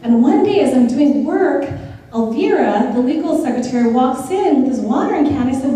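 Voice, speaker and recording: A middle-aged woman with a fairly high, mellow voice delivers a grateful speech at a ceremony. She sounds heartfelt, with touches of humor in her stories. The sound is roomy and distant, with a long echo from a big hall. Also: expressive, normal speed. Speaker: newly appointed judge giving a thank-you speech. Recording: echoey hall, picked up from afar.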